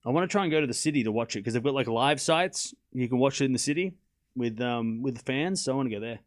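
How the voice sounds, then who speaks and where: A chatty man calls tennis live as host of a watchalong, casually answering chat questions between points. He talks fast in a mid-range, expressive voice.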